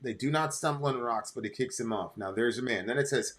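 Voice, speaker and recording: A man's voice: mid-range voice, fairly quick, a bit bright. A middle-aged American man with a mid-range voice co-hosts a casual reaction show. He reads the lyrics out and then explains his take on them patiently, at length. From United States.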